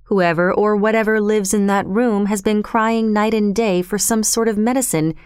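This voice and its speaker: A woman narrating a classic storybook in a steady, deliberate reading. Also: mid-range voice, clear, resonant tone, no room sound, clean studio sound. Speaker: audiobook narrator. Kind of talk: scripted narration.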